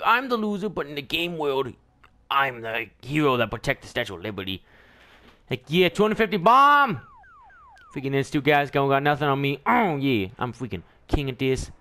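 Excitable young man, high and lively. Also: brisk. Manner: excitable, yelling and laughing at the game. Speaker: gameplay commentator. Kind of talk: let's play commentary.

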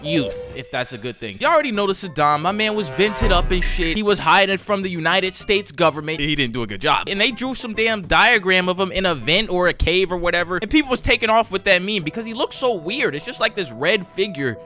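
Bright, lively ranting young man. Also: high-pitched, brisk, few pauses, soft background music. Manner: exaggerated ranting, profane. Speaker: meme countdown host. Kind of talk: comedic meme review.

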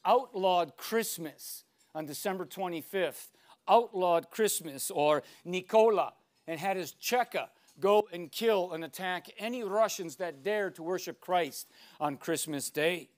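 An older man giving a lecture, emphatic and declamatory, with dramatic pauses between phrases. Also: sits high. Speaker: speaker.

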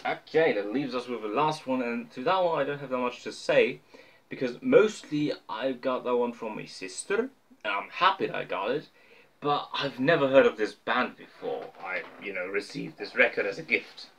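A man's voice: mid-range voice, animated, moderate pace, fairly bright tone. A young man talking casually to camera about his records, rambling and joking at his own expense with lots of fillers. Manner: rambling, joking, self-mocking, many fillers. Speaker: vlogger showing his record collection.

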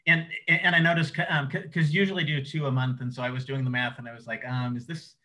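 A man's voice: mid-range voice, flat delivery, quick pace, pushed and bright, low-quality recording. A man hosting a casual interview, stuttering with many repeated words and fillers. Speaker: interview host.

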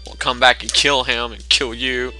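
A man's voice: medium pitch, little pitch movement, moderate pace, sharp tone. A man commenting on a game as he plays it, joking, swearing and voicing the on-screen text in mock tones. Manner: jokey, profane, reads the game text aloud in mock voices. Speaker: gameplay commentator. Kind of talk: let's play commentary. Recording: game music behind.

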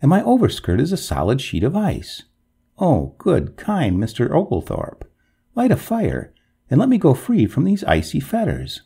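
A man puts on a wailing female water ghost in a storybook reading, pitched well above his usual voice. She pleads and begs in swooping, melodramatic lines, with a husky, gravelly grain. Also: wildly swooping pitch, normal speed, dark tone, heavily acted. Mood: desperate. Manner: pleading, melodramatic, rising to wails.

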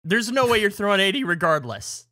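A man's voice: sits high, big pitch swings, brisk, pushed and bright, no echo, clean studio sound. A man co-hosting a podcast in casual chat, teasing his co-hosts and laughing often. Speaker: podcast co-host.

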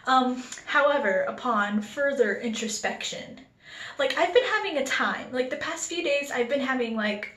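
A woman's voice: high voice, expressive, normal speed, a bit bright. A young woman in her late teens chatting casually in a home vlog, giggling often, swearing freely and joking at her own expense. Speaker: vlogger. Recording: echoey room with faint background noise.

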